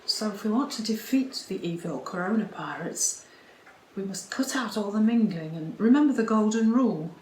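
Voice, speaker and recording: A woman's voice: mid-range voice, expressive, moderate pace, darkish tone, natural voice. A woman in an amateur pantomime radio play, playing a cheeky female fairy who goes undercover with the pirates, chatting conspiratorially like a newsreader and dropping pirate slang. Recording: roomy room with faint background hiss.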